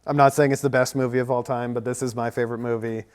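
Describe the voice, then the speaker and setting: A man's voice: mid-range voice, little pitch movement, fast, clear, resonant tone. A man in his thirties recapping a movie on a casual podcast, rambling with plenty of fillers and likes. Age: 30s. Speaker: podcast co-host.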